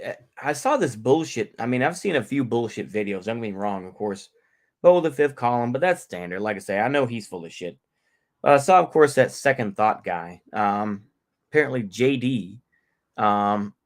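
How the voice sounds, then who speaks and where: A man's voice: mid-range voice, animated, normal speed. A middle-aged man from North Texas talks on his own livestream in a loose, rambling way. He cusses freely and keeps repeating himself between asides. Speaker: livestream host. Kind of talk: casual livestream rant.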